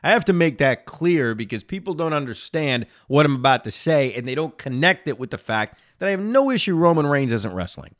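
Speaking a little fast with few pauses, a man in a slightly high voice runs a solo reaction podcast. He's animated and opinionated, talks right to his audience, and keeps coughing, all in studio quality with no room sound.

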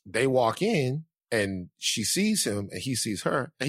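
A man telling a story in casual chat, animated and acting out other people's lines in shifting voices. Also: mid-range voice, unhurried, husky, no echo, clean studio sound.

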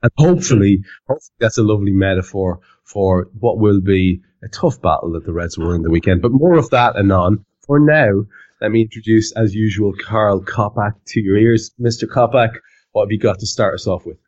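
Deep-voiced man hosting a podcast. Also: a little fast, a little mellow. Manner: rambling, hesitant with fillers. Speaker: podcast host. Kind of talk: casual podcast chat. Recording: dull lo-fi recording.

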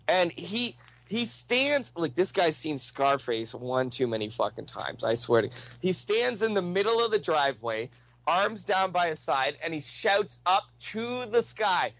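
Young man, casual storytelling, lots of swearing, bright sharp voice, slightly high pitch. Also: a little slow, no room sound, rough recording. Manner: profane, animated anecdote telling.

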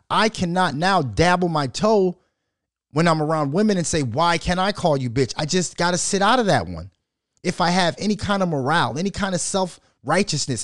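A man's voice: sits high, no room sound, clean studio sound. A middle-aged man hosting a show, giving a casual, profane, rambling commentary monologue with frequent restarts. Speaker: show host.

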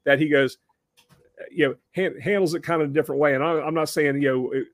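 A man hosting a podcast, telling a story casually with many restarts and animated impressions of the people in it. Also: a little high, quick pace, no echo, clean studio sound. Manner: animated, acts out other people in raised voices; conversational with frequent restarts. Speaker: podcast host.

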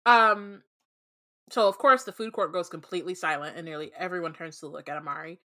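A woman's voice: on the low side, fairly quick, pushed and bright. A woman co-hosting a book podcast, reading a story aloud in a casual way with many ums. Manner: reads with many fillers, laughs easily.

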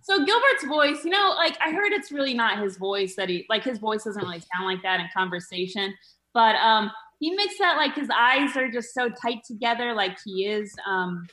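A woman's voice: on the high side, very animated, normal speed, bright, forceful tone. A woman comedian chatting as a podcast guest, rambling with many "likes" and giggles. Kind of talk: casual podcast chat.

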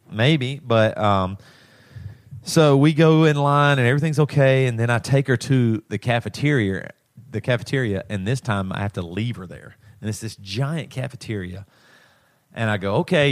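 A man's voice: fairly low pitch, no echo, studio quality. A man in his thirties, a podcast co-host, telling a personal story in a rambling, emotional way with many restarts. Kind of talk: casual chat.

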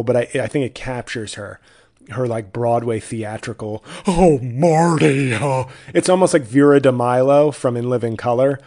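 A man with a medium-pitched, darkish voice hosts a podcast, delivering a casual, comedic monologue. He rambles, frequently cutting himself off and starting over.

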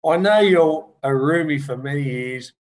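A man hosting a casual chat, asking questions in a quick, friendly way. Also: fairly high pitch, slight background noise. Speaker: host.

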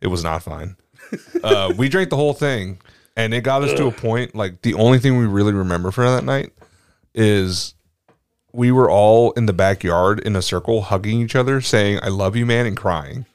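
A man co-hosting a casual podcast who tells stories with frequent laughter and jumps up into a high register. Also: normal speed, clear, resonant tone, no room sound, clean studio sound. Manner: laughs a lot, goes to high, giggly peaks when telling stories. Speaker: podcast co-host. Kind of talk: casual storytelling chat.

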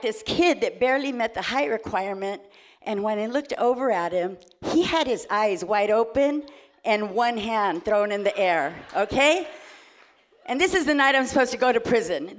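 Animated woman telling a personal story. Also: a little high. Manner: animated, laughing, acts out dialogue. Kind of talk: personal story told to an audience.

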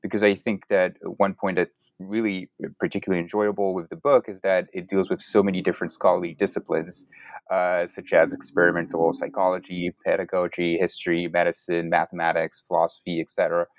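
A man interviewing authors about an academic book, talking in a halting way with many repeated words. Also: low voice, little pitch movement, no echo.

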